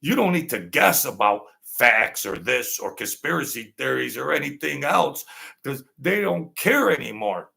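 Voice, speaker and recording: A man's voice: medium pitch, sing-song, a little slow, gravelly, bright, forceful tone. A man hosting a livestream political rant, sarcastic and mocking, repeating his points. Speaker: political commentary host.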